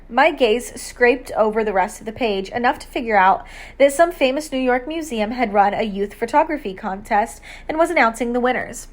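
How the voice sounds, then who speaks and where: A woman reading an audiobook aloud, measured storytelling narration in the first person. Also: a little high.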